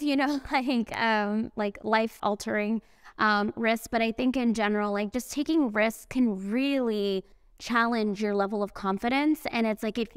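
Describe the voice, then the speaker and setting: A young woman talks casually on a panel, full of fillers and little asides. Her voice sits a bit high and sounds clear and smooth, recorded dry and close. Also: dry recording. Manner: chatty, lots of fillers and asides. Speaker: panel speaker. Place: event venue indoors.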